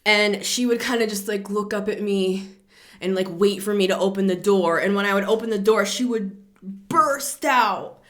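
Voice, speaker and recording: A middle-aged woman giving a casual tarot reading, rambling, repeating herself and building to excited emphasis. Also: mid-range voice, normal speed. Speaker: tarot reader.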